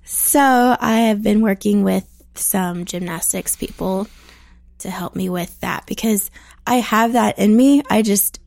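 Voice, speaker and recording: Woman with a gravelly low voice. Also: a little slow, no echo. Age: 20s. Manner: low husky voice, relaxed and modest. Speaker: podcast guest, athlete. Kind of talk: casual interview chat.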